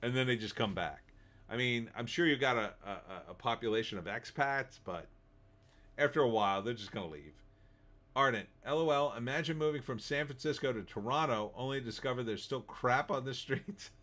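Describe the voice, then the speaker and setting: This middle-aged streamer reads out his chat and makes fun of it, laughing a lot, using mocking voices and plenty of sarcasm in casual commentary. His medium-pitched voice is a bit bright and slightly fast.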